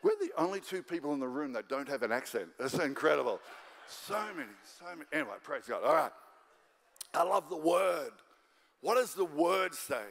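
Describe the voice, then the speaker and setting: A man's voice: on the high side, animated, normal speed, vocal fry, a bit bright, long reverb tail. An Australian man preaching a sermon as a guest pastor, fired up and driving home his points over and over. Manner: fired-up, repetitive exhortation. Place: church auditorium.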